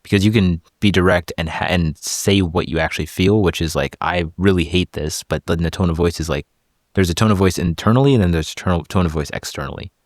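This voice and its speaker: Really low-voiced guy on a podcast, thinking out loud, restarts a lot, dry close mic. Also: fast talker, no echo. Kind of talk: casual podcast conversation.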